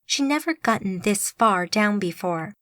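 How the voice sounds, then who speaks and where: A woman giving steady, scripted audiobook narration. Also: mid-range voice, measured pace, dry recording.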